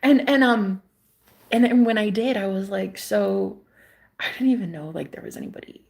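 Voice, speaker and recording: A woman's voice: medium pitch, moderate pace, creaky, darkish tone. Woman vlogger telling a story at home; loose, chatty delivery full of laughs and swearing. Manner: rambling, laughs often, swears freely. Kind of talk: casual storytelling to camera. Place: at a table at home.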